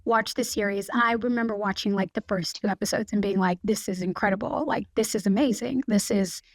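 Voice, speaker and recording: A woman's voice: mid-range voice, fairly even intonation, fairly quick, no echo. Chatty woman telling stories, dry sound. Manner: chatty storyteller with many fillers. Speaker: guest actress. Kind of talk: casual podcast conversation. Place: podcast studio.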